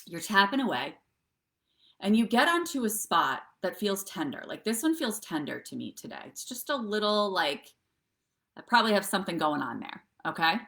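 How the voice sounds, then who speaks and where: A middle-aged wellness coach leads viewers through breathwork and tapping on a live stream, chatting and often checking in with "okay?" and "right?" Her mid-range voice has big pitch swings and a fairly bright tone, at a moderate pace.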